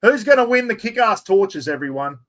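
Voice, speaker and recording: A middle-aged Australian man runs a live giveaway stream in a casual, chatty way. His voice sits a little higher than most men's. He talks in an excitable, blokey style, full of slang. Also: brisk. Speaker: livestream host.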